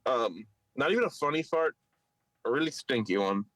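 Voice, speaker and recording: Over a low-quality recording with no room sound, a man of medium pitch talks at normal speed. He co-hosts a podcast in a Philadelphia accent, rambling through a long, animated story crowded with fillers in a casual storytelling chat.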